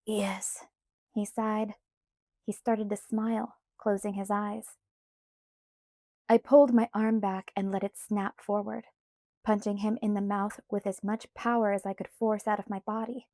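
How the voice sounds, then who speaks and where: A woman narrating a first-person novel as an audiobook with an expressive, measured reading. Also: mid-range voice, dry recording, clean studio sound.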